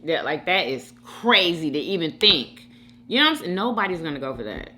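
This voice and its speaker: A woman with a low-pitched voice that runs a little fast hosts a mukbang video. Animated and chatty, she talks straight to her viewers, reacting to their comments and laughing often.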